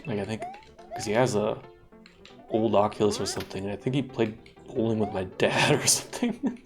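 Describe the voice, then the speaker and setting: A man in his thirties chatting casually while streaming a game, relaxed, laughing often and swearing freely. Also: lowish voice, a little fast, faint music behind.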